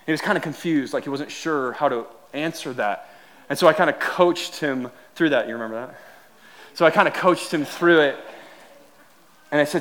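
A man in his thirties preaching a sermon as a pastor, telling a family story with lively acted-out dialogue and frequent restarts. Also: a little high, moderate pace.

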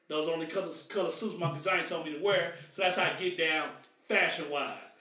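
A man's voice: on the high side, a little fast, sharp tone. A man from the US Midwest hosting a podcast in casual, emphatic, slangy talk. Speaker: podcast host. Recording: echoey room, mic far off.

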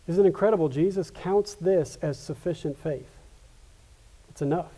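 A male pastor delivers a sermon in an earnest, conversational way, often doubling back on his words. His voice sits a little high for a man. It has a warm, mellow tone. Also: moderate pace. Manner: earnest, with frequent restarts and repetitions.

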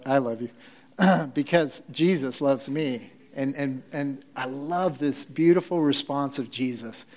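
A man preaching a sermon in a conversational, joking way, often restarting his sentences. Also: mid-range voice. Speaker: pastor.

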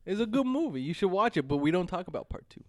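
A man hosting a casual movie chat, excitable and jokey, laughing often. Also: sits high, fast, no echo, clean studio sound.

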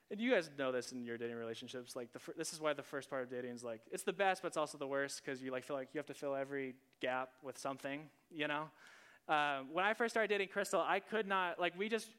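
A man preaching a sermon as a pastor, in an earnest, animated, conversational way, often starting with "listen". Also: fairly high pitch, smooth.

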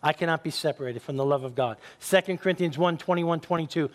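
Male pastor, high voice, emphatic sermon delivery with call-and-response. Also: a little fast, few pauses. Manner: tells jokes as stories.

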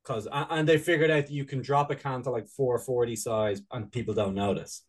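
A man's voice: mid-range voice, fairly even intonation, fairly quick, poor audio. A man in casual podcast chat, rambling and laughing, with frequent swearing. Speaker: podcast co-host.

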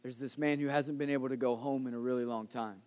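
A pastor preaching a sermon in a casual, conversational way, rising to loud emphasis and dropping to soft, hushed lines. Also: male voice, mid-range voice, fairly even intonation, quick pace, big-room sound.

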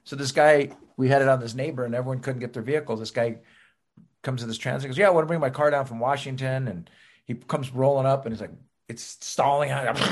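Chatty man telling an anecdote. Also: mid-range voice. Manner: chatty, storytelling. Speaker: comedian guest. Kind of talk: casual podcast chat.

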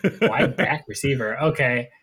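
A man's voice: medium pitch, expressive, brisk, a loud crowd. A man playing along in a trivia podcast, dry and wisecracking in casual banter. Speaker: trivia player, co-host.

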